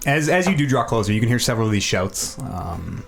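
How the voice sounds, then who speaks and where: A man's voice: fairly low pitch, animated, a little fast, gravelly, faint music behind. A man narrating as dungeon master, with many ums and restarts. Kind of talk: narrating a tabletop game.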